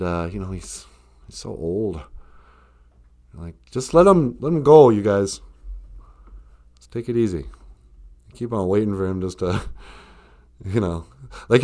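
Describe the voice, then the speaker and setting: A man with a lowish voice hosts a casual live stream, reading viewer comments aloud and rambling through jokes. He laughs often.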